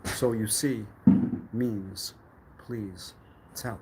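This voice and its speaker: A man's voice: steady tone, drawn-out words, very noisy. Rambling, cryptic man on a live stream. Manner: rambling and cryptic, swinging between low mutters and loud bursts.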